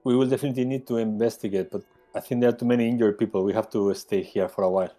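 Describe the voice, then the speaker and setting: A male player speaks in character, earnest and measured. His tone is dark and mellow, with faint music under the tabletop game. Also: fairly low pitch, steady tone.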